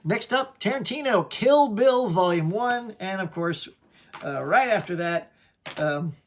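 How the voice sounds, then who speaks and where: A man's voice: high voice, expressive, takes it slowly, pauses often. Chatty man showing off his movie shelves. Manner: chatty, upbeat, peppered with "y'all". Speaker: channel host. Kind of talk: casual collection show-and-tell.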